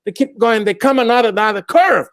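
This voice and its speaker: Lively Brazilian-accented storyteller man. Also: very high-pitched, quick pace, no echo. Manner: lively, laughs often, repeats words. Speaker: storyteller guest. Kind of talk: animated storytelling in a chat.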